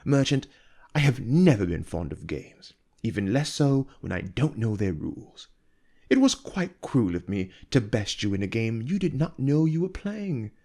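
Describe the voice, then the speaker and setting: A man reading aloud and voicing a cold, calculating noblewoman who speaks slowly and quietly with open disdain. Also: mid-range voice, very animated. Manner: slow, hushed, icy and disdainful.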